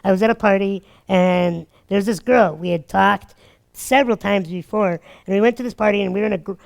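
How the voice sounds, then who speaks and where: A man giving dating advice through energetic, animated stories, acting out what people said and laughing often. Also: sits high, fairly quick, gravelly. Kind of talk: animated storytelling talk.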